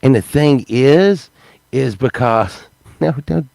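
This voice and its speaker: A man's voice: mid-range voice, lively intonation, slow pace, creaky, a little mellow, no room sound. A man talking casually to his viewers in a rambling vlog, repeating himself and breaking into laughter. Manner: rambling, repetitive, laughs mid-sentence. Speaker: YouTube vlogger.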